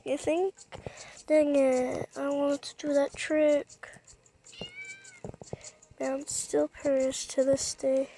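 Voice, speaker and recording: A woman giving casual, excitable commentary while playing a scary game, gasping and jumping at every scare. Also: high-pitched, slow, creaky, pauses often. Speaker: gaming streamer.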